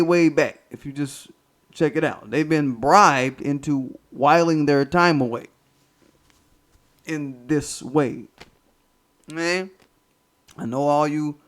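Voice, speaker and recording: An American man hosting a commentary channel, delivering a political monologue in an emphatic, profane, repetitive and preachy way. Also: on the high side. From United States.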